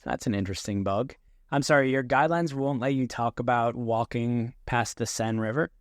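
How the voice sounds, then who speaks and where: Casual podcast host, dry close mic. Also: male voice, medium pitch, normal speed, no room sound. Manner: relaxed, chatty, with restarts and small laughs. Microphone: desk mic.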